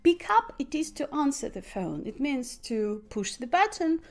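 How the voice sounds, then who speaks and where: Loud-spoken woman teacher. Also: sits high, sing-song, moderate pace. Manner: speaks loudly by habit; acts out example phone lines. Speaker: English teacher. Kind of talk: podcast lesson on phrasal verbs.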